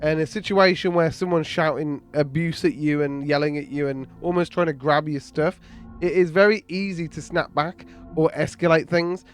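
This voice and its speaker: A man's voice: fairly high pitch, steady tone, normal speed, clean tone. A British man giving casual, opinionated commentary on a video clip, laughing along now and then. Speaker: commentary host. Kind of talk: reaction commentary.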